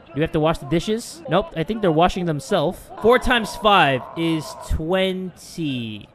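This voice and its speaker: A man giving comedic let's-play commentary, excitable and swearing, with loud outbursts. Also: high-pitched. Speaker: gaming video host.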